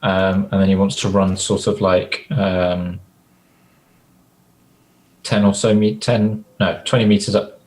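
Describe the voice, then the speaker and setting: A man's voice: sits low, little pitch movement, unhurried, pauses often, darkish tone. A man playing a tabletop game who describes his character's moves, hesitant and correcting himself as he goes. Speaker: player.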